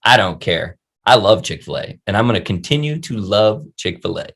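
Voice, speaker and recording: A young man hosting a casual podcast, with a voice on the low side. He jokes around, swears freely and keeps the chat loose and friendly. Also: lively intonation, moderate pace, a bit bright, breathy edge. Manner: laid-back, swearing, jokey. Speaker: podcast host.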